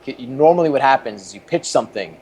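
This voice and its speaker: 30s guy rambling thru stories, chuckles, average pitch. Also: lively intonation, fast talker, a little mellow, slight background noise. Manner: rambling, many restarts, chuckles often. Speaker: interview guest, former TV producer. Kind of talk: casual storytelling in an interview.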